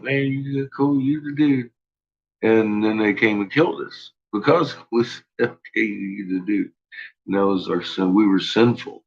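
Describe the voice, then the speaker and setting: A man's voice: fairly low pitch, lo-fi sound. A man rambling through a profane, laugh-filled solo monologue. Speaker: channel host.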